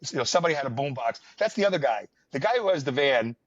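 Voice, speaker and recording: A man's voice: mid-range voice, expressive, fast, no echo. A man, hosting a podcast and telling rambling, wry stories in casual chat. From New York area, US. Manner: rambling, wry storyteller with many fillers. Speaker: podcast host. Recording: dull lo-fi dry sound.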